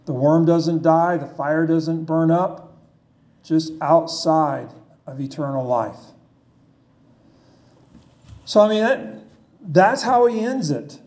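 Slow, high-voiced man preaching. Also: a little mellow. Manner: slow, conversational preaching with rhetorical questions. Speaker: pastor. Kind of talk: sermon.

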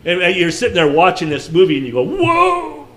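A Bible teacher with a fairly high voice races through a casual lesson over a noisy background. He talks conversationally, asks his listeners questions and frequently restarts.

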